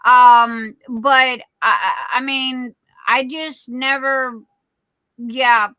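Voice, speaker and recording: A woman's voice: sits high, very slow, pushed and bright, no room sound, rough recording. A middle-aged woman with a Cajun accent chatting casually as a livestream host, rambling with many fillers and restarts. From Louisiana. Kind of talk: casual live chat.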